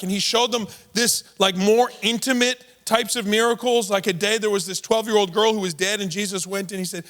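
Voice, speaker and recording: A man's voice: high-pitched, steady tone, fairly quick, hardly any pauses, fairly bright tone. A man preaching a sermon as a pastor, telling stories in a casual, playful conversational way. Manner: conversational storytelling, playful asides.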